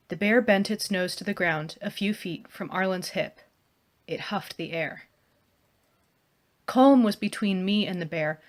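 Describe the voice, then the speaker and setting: A woman reads her own fantasy novel aloud in the first person. Her delivery is hushed and even, with a voice of ordinary pitch for a woman. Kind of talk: first-person fiction narration.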